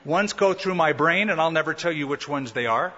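A man's voice: a little high, lively intonation, a little fast, bright, forceful tone, a little hiss or hum. A man preaching a sermon, teaching in a conversational way with rhetorical questions and humorous asides. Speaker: pastor. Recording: dull lo-fi sound with long hall reverb.

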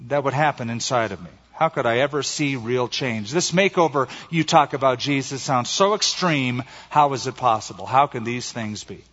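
A male pastor preaching a sermon with emphatic delivery, slowing down to stress key phrases. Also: mid-range voice, a bit bright. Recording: muffled recording in a reverberant hall.

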